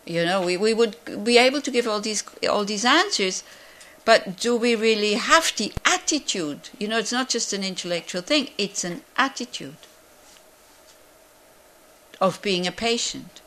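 Woman, Buddhist teacher, conversational, rhetorical questions, medium pitch. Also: expressive, moderate pace, a bit bright. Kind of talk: Dharma teaching to a class.

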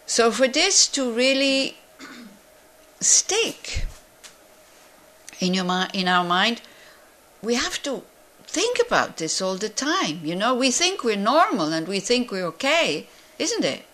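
A woman's voice: fairly high pitch, sing-song, measured pace, hardly any pauses, fairly bright tone. Woman teaching a Buddhist class. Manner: conversational, rhetorical questions, many fillers.

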